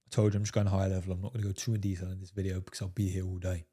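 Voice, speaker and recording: A man with a low, mellow, dark voice delivers a coaching monologue to his viewers. He talks emphatically and curses freely, tagging his points with "fellas" and "right?". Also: flat delivery, racing, husky. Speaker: dating coach.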